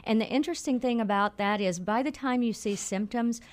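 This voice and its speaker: A woman with a Mississippi accent, a nonprofit executive explaining things clearly as a radio guest. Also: on the high side, brisk. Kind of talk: radio interview.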